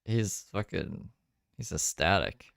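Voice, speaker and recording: A man's voice: deep voice, slow, creaky, fairly bright tone, no echo, clean studio sound. A man chatting casually on a live stream, rambling and swearing with laughing asides. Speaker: streamer reacting to another creator's live.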